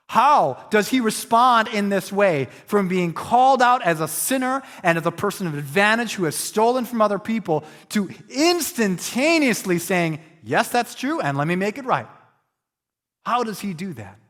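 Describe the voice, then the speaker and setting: A man preaching a sermon as a pastor, animated and playful, acting out quotes and poking fun at himself. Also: high-pitched, big-room sound.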